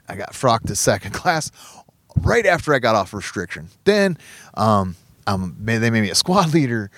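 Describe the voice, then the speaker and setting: A man's voice: medium pitch, no echo. A man hosting a podcast, telling a long casual story with lots of swearing, restarts and laughter. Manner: profane, rambling, laughing often. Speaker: podcast host.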